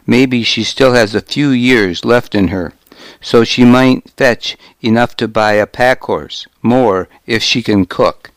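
A man's voice: mid-range voice, slow, dry recording, lightly acted. A man voicing a crude, sly warrior who mockingly haggles over captives. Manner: sly, mocking, deferential to his lord.

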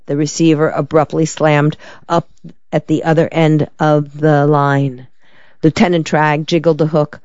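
An audiobook narrator reading a crime story in an even, measured way. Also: medium pitch, clean tone, dry recording, lo-fi sound. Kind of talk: scripted narration.

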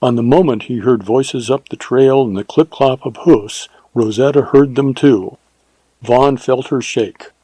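Male audiobook narrator, measured storyteller, husky tone, dry close studio mic. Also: mid-range voice, warm tone, no echo, rough recording. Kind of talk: scripted narration of a western novel.

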